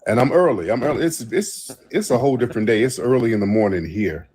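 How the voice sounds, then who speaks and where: A man's voice: mid-range voice, animated, fast, a little mellow, slight background noise. A man hosting a casual livestream chat, telling rambling, profanity-laced stories. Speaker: host.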